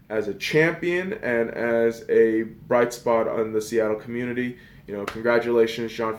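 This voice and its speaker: A man hosting a podcast, ranting casually and profanely about sports, sarcastic, dropping to a mutter and then flaring into loud outbursts. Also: medium pitch, echoey room, slight background noise. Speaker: podcast host.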